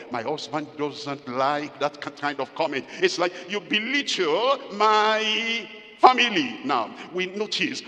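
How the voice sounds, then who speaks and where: An older pastor preaches to a congregation, throwing questions at his listeners and acting out what husbands and wives say to each other. His voice is bright and forceful, sitting a little high for a man. It rings with the long reverb of a big hall. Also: expressive, unhurried. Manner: acts out spouses' remarks in little quoted scenes. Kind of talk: sermon. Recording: long echo of a large hall.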